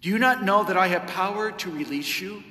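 A man's voice: sits high, a little fast, pushed and bright. A man voicing Pilate, a questioning Roman governor, in a solemn liturgical scripture reading recorded in a church. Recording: echoey church with long reverb.

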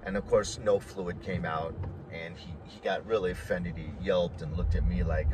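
A man with a fairly low voice tells a long story casually, rambling and doubling back with plenty of fillers. He talks outdoors, and street and vehicle noise is clearly heard behind him. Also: a little slow. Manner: rambling, full of fillers and restarts. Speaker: vlogger telling a story.

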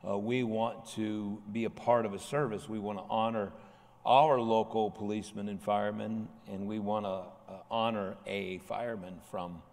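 A male pastor telling a lively, humorous story from the pulpit in a large church sanctuary. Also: lowish voice, moderate pace, vocal fry. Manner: animated anecdote with humorous asides. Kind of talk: storytelling sermon. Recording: long hall reverb.

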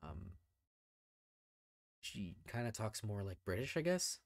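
A man co-hosting a podcast, reviewing films in a relaxed, hedging, rambling way. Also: on the low side, slow pace, gravelly, no echo, clean studio sound. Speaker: podcast co-host. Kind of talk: casual film review chat.

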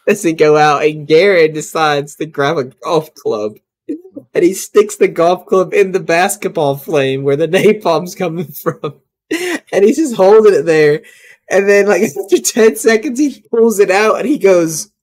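A man's voice: high-pitched, a little slow. A young man, co-hosting a casual podcast and laughing through crude stories. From North Carolina. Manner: laughing storyteller, animated and crude. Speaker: podcast co-host. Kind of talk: casual chat.

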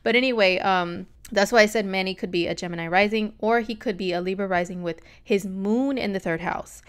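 A woman's voice: mid-range voice, a little fast, smooth. A woman talking casually on a vlog, giving a chatty, sassy astrology reading full of slangy asides.

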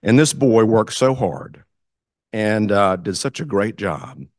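A man tells a story to a club meeting. His voice sits low, and he jumps up and down in pitch as he acts out the quotes. The sound is close and dry. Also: sing-song, slow pace, dry recording. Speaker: club guest speaker, theater director. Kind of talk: storytelling speech. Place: meeting room.

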